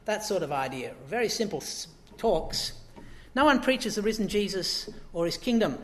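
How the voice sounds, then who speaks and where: A man's voice: high-pitched, roomy sound, slight background noise. A man preaching a sermon in a conversational way, asking the congregation rhetorical questions and acting out quotes.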